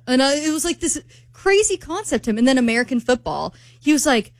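A woman co-hosting a radio show, telling a story about a date with lively, animated delivery. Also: sits high, quick pace, dry recording. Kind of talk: casual radio chat, storytelling.

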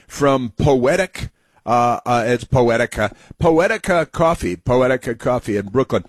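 Sarcastic guy doing a talk show monologue, middle pitch, dead dry close sound. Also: lively intonation, a little slow, slightly rough, no echo. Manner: sarcastic, mocking. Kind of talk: political commentary monologue.

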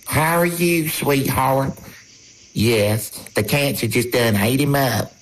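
A man's voice: medium pitch, slow, a little hiss or hum, voice pushed up, natural voice, rough recording. A man voicing an older aunt, speaking sweetly with a drawl. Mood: tender. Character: warm older Southern aunt.

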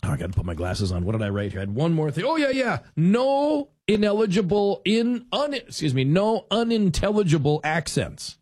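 A man's voice: sits high, big pitch swings, normal speed, hardly any pauses, darkish tone, no echo. A man hosting a talk radio show in casual, rambling chat, sarcastic and full of restarts and self-corrections.

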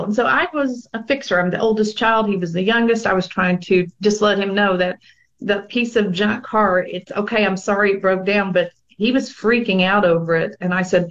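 A woman in her forties candidly recounts her personal story as an interview guest, speaking at an ordinary pitch. The sound is slightly dull and lo-fi. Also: moderate pace. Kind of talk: personal testimony.

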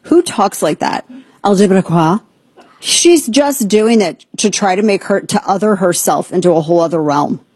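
A woman's voice: mid-range voice, lively intonation, normal speed, a little mellow, breathy edge, dry recording. A woman hosting a talk radio show, giving sarcastic, incredulous commentary.

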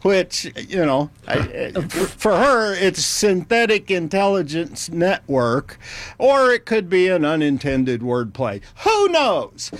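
A man's voice: high-pitched, sing-song, slow. A man hosting a talk show, wry and joking, laughing between his lines. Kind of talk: casual talk show banter.

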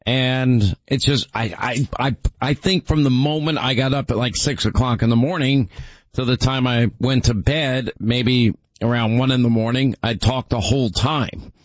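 A man's voice: mid-range voice, fairly even intonation, normal speed, dry recording, dull audio. A man hosting a radio show, chatting casually and rambling, his voice sore from too much talking. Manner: rambling, self-deprecating. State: sore, strained voice. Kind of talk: casual chat.

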